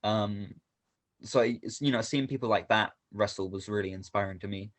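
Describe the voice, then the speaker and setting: Man, interview guest, halting and modest, lowish voice. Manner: soft-spoken, hesitant, many ums. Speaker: professional wrestler, guest. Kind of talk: casual interview answers.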